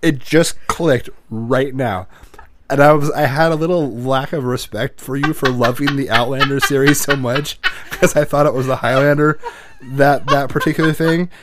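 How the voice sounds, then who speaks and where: A man's voice: mid-range voice, steady tone, normal speed, background noise. A man co-hosting a podcast in casual chat, rambling and swearing, often breaking off and restarting. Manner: rambling, profane, self-interrupting. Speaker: podcast co-host.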